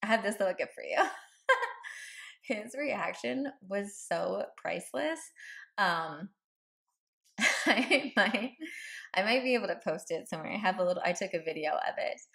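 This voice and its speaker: A woman's voice: medium pitch, expressive, slow pace, creaky, long pauses, pushed and bright. A woman podcast host telling a personal story in a casual, chatty way, laughing often and filling with likes and ums.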